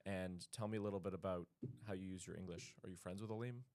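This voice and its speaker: A man's voice: deep voice, steady tone, quick pace, a little mellow. A man with a Canadian accent hosting a casual interview, asking teasing, jokey questions. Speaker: host.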